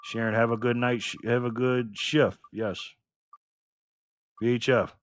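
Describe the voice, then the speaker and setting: A man's voice: mid-range voice, fairly even intonation, unhurried, a little hiss or hum. A man hosting a live stream in a casual chat style, reading viewer comments aloud, laughing often and cheering on players. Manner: laughs often, loose and playful.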